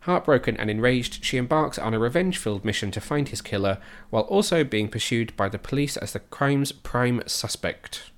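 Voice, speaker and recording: Male podcast host, mid-pitched, casual and joking while rattling off film news. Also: lively intonation, normal speed, few pauses.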